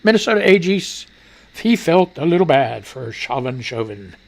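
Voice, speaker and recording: Crude radio guy reading news and riffing, gravelly voice, swings his pitch all over. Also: very animated, moderate pace. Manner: crude, mocking, rambling asides. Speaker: radio show host. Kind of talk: casual news commentary.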